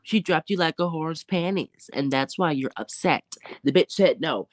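A confrontational commentary host on a live rant, swearing freely and hammering rhetorical questions. The slangy talk stretches out its taunts, and the voice sits at a middling pitch with a close, dry sound. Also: lively intonation, normal speed, no echo.

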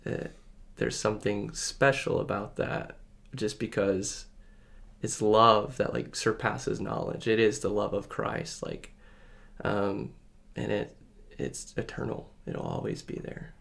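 Low gravelly-voiced man, earnest. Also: animated, measured pace, fairly bright tone. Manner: earnest, rambling with many fillers. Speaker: podcast guest. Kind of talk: casual testimony chat.

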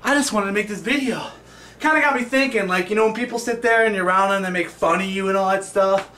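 A man talking casually to the camera in a vlog, animated and playful as he hypes himself up for his viewers. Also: high-pitched, fast talker, slight background noise. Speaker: vlogger. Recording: echoey room, camera at a distance.

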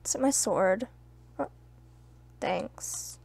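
She speaks extremely slowly, her mid-range voice gravelly and breathy but lively in intonation. The young woman is a gamer chatting casually with friends mid-game, full of playful trash talk, teasing and loud bursts of laughter.

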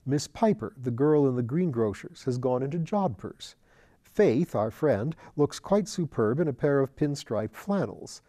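A man reading a novel written as letters aloud, in a measured, unhurried way. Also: mid-range voice, expressive, dark tone. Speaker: audiobook reader.

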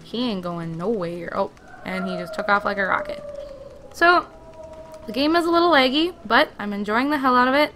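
A woman playing a video game and commenting casually, excitable and swearing freely as she chats to the characters on screen. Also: on the high side, moderate pace, slight background noise. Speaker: let's play gamer.

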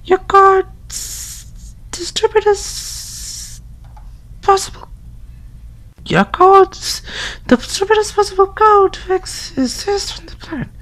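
A man's voice: expressive, slow pace, long pauses, a bit bright, exaggerated voice. A man putting on a whispery, mocking teen friend. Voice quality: high, breathy whisper. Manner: mocking and sarcastic. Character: teasing, snarky teenage friend. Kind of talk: voicing game dialogue.

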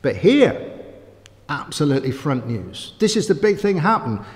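Preaching in a church sanctuary, a man speaks at a moderate pace in a rather high voice with big pitch swings. He keeps it conversational, often stepping into asides and posing rhetorical questions, and the hall rings with long reverb.

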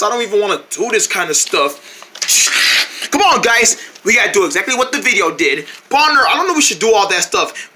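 A channel host playing several characters in a silly kids' skit, switching between goofy voices and bursting into shouts and squeals. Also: mid-range voice.

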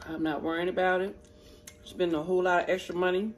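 A woman's voice: lowish voice, flat delivery, fast talker, a little hiss or hum. A woman hosting an eating show, chatting with viewers in a casual, familiar way between bites. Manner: chatty, talks to viewers as y'all, eats between lines. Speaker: mukbang host.

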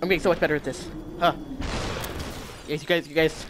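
A young man giving casual let's-play commentary while playing a VR game, reacting with loud exclamations. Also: a little high, little pitch movement, a little fast. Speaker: gamer playing VR with a friend. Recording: noisy with game gunfire behind.

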